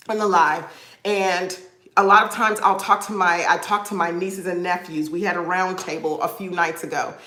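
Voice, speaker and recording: A woman's voice: medium pitch, roomy sound. A woman hosts a live video-call session as a credit repair coach, giving an encouraging motivational talk to her viewers. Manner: warm, encouraging, addresses viewers as "y'all".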